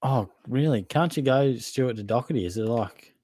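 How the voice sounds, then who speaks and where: A casual Australian man reads out viewer questions and answers them in an easy, chatty way, calling people mate. His voice sits at a middling pitch. The sound is close and dry, with no room echo. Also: moderate pace, warm tone. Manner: casual, matey, conversational, hedging fillers. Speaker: fantasy football podcast host.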